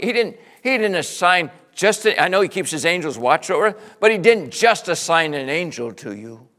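A man preaching a sermon as pastor, swinging between hushed lines and loud shouted bursts, acting out his listeners in quotes. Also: a little high, sing-song, normal speed, hardly any pauses. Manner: acts out listeners' voices in quotes.

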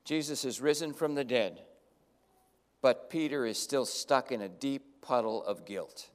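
A man's voice: on the high side, expressive, moderate pace, clean tone, big-room sound. A man preaching a sermon who tells the story dramatically and acts out the characters' lines. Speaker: pastor.

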